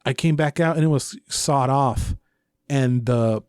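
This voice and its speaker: A young man on a casual podcast, telling a story with lots of swearing and acting out the lines he shouted. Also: medium pitch, measured pace, clean tone, dry recording, studio quality. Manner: profane animated storytelling, acts out shouted quotes. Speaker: podcast co-host.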